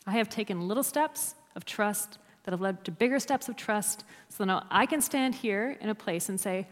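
A woman's voice: medium pitch, moderate pace, few pauses. A woman preaching a sermon to a church, emphatic and dropping to near-whispers on key words. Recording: long hall reverb.

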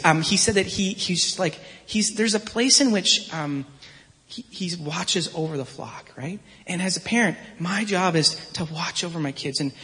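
Man preaching in a reverberant hall. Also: on the high side. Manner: relaxed, anecdotal, earnest. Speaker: pastor. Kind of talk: conversational sermon. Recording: long reverb from a large hall.

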